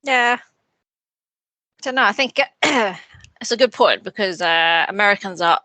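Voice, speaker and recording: A woman's voice: mid-range voice, animated, slow, bright, forceful tone, dry recording. A young British woman co-hosting a podcast, chatting casually with lots of filler words. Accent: British English. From Britain. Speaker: podcast co-host. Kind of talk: casual chat.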